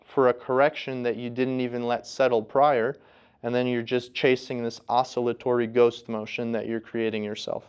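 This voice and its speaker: A man with a smooth, clear voice lectures a flight class in a classroom. He explains things step by step, and he keeps stopping to check that his students follow along. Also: medium pitch, a little mellow, lo-fi sound. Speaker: flight instructor. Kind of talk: ground school lecture.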